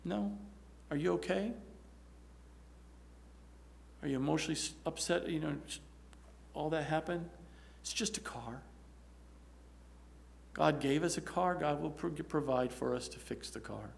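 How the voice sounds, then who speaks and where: A calm, gentle father, as a preacher plays him, speaking softly and soothingly at an unhurried pace. His voice is slightly high for a man, with a gravelly texture. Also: slight background noise. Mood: reassuring.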